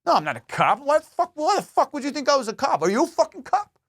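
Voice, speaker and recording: A man's voice: extremely high pitch, sing-song, quick pace, fairly bright tone, voice pushed up, full character voice. A man playing an undercover cop posing as a hitman who swears hard and pushes bluntly. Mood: profane bluster. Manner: blunt, profane, pushy.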